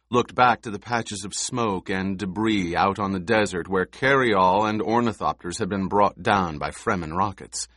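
Deep-voiced male audiobook narrator. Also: a bit bright, dry recording, studio quality. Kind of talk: scripted narration.

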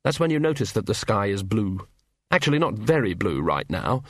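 A weary, sardonic police captain, as a man plays him grumbles in a gruff, lowered voice. The storybook voice sounds close and dry. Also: sing-song, normal speed, no room sound, heavily acted. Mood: wry.

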